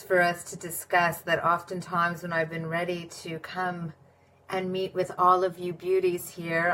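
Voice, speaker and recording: A woman in her forties speaks in a low, unhurried voice, giving a spiritual talk over a live stream. Her phrasing is flowery and measured, and she lists words one at a time with pauses between them. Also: completely flat delivery, bright, forceful tone. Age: 40s. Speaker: spiritual teacher and reverend. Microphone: live social media stream.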